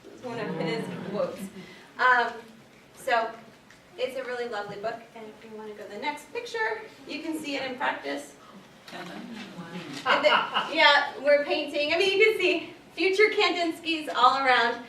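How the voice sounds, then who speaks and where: A woman's voice: sits high, moderate pace. Chatty woman librarian in echoey room. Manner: chatty, animated, lots of fillers like "um" and "like". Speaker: children's librarian presenting at a workshop. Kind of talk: casual workshop presentation. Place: meeting room at a public library. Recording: echoey room, distant mic, faint noise.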